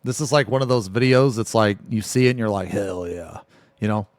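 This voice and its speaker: A man streaming live, reacting to posts with loud, crude joking banter and bouts of coughing. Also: medium pitch, quick pace, smooth, no echo.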